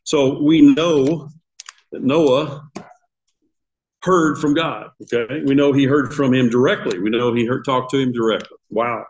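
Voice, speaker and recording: This is an older man teaching Sunday school in a church classroom, speaking at medium pitch and a measured pace on a lo-fi recording. His style is conversational; he quizzes the class and chuckles at his own side remarks.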